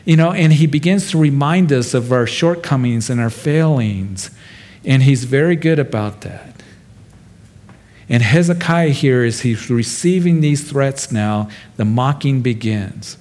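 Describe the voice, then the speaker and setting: A male pastor works through a passage verse by verse in an easy, conversational manner. His voice sits at an ordinary middle pitch for a man, and he speaks straight to the listeners as if in a chat. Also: normal speed, darkish tone. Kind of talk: expository sermon.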